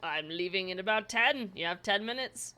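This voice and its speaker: A woman's voice: medium pitch, expressive, normal speed, pushed and bright. A woman voicing a comical male orc shopkeeper in a suit, with bouncy, chatty patter. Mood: jovial.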